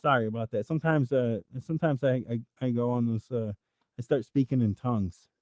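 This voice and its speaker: A man's voice: medium pitch, fairly quick, darkish tone, no echo, studio quality. A man hosting a livestream, reading chat and riffing through improvised comic rambles that swear freely.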